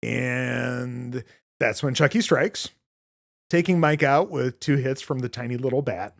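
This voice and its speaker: A man's voice: mid-range voice, measured pace, vocal fry. A man hosting a podcast, recapping a film in casual chat, rambling with many filler words and free swearing. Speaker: podcast host.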